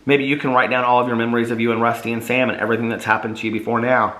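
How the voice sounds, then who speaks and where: A man voicing a calm, kind male therapist who talks gently and reassuringly. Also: mid-range voice, rapid-fire, reverberant, lightly acted. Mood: gentle.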